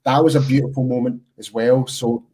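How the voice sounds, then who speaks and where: A man's voice: mid-range voice, fairly even intonation, fairly quick, dark tone, slight background noise. Chatty British man, casual fan chat. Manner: rambling, self-interrupting, laughs often. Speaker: podcast co-host.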